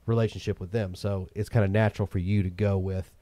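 A man's voice: low voice, flat delivery, quick pace, mellow, no echo. A man hosting a casual chat, talking in loose, opinionated asides. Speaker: podcast host.

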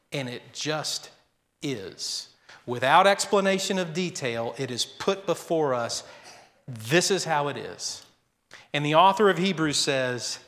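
A man preaching from the pulpit, his voice sitting a little high for a man and trailing off into the long reverb of a big hall. He mixes plain teaching with personal anecdotes, speeding up and slowing down as he makes his points. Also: a bit bright. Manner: conversational preaching with anecdotes, varied pace. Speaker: pastor. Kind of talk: sermon.

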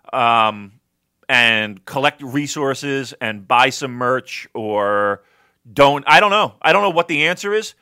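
A man's voice: medium pitch, animated, slow pace, pushed and bright, clean tone, dry recording, studio quality. A man co-hosting a casual podcast, rambling with lots of fillers, restarts and swearing. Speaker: podcast co-host. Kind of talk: casual wrestling podcast chat.

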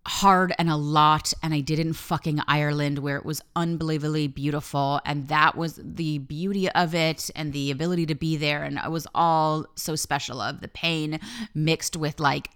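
A woman's voice: low voice, fairly even intonation, moderate pace, fairly bright tone, clean tone. A woman life coach talking in a candid podcast monologue, swearing freely and telling her story with strong emphasis.

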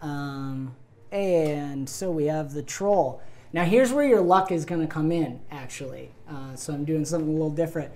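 A woman's voice: low-pitched, moderate pace, mellow. A woman narrating a tabletop role-playing game as game master, giggling often and adding sound effects to her storytelling.

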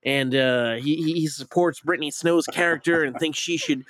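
A man's voice: fairly high pitch, moderate pace, fairly bright tone, dry recording, studio quality. A man chatting casually on a podcast, reviewing a movie in a rambling, profane way full of stumbles and restarts. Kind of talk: casual chat.

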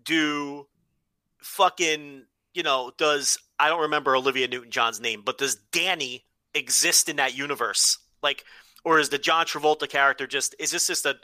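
A man co-hosting a podcast in casual chat, animated and profane, often slipping into quick impressions. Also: on the high side, no echo. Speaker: podcast co-host.

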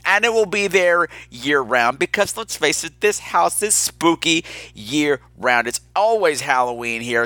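A man's voice: medium pitch, no room sound. A man hosting a podcast in casual chat, telling stories in a campy, sardonic way. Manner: campy, sardonic, animated storytelling. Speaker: podcast host.

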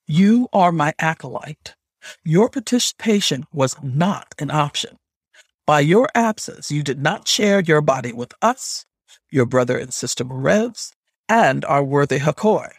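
A cold, imperious goddess grandmother speaks in a hard, demanding tone, as a male narrator puts her on. The voice sits a little high and slightly husky. The audiobook sound is close and dry. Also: expressive, a little slow, dry recording, heavily acted. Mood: stern. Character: stern ancient goddess grandmother, cold and commanding.

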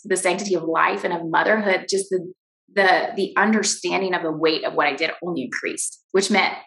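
A middle-aged woman giving a personal faith testimony as an interview guest, earnest and halting, often restarting her sentences. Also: lowish voice, bright, forceful tone, roomy sound, poor audio.

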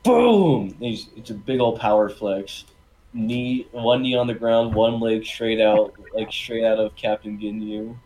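A man playing a tabletop game, talking casually with brash, profane, excited bursts. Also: on the low side, measured pace, a little hiss or hum, low-quality recording. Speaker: player.

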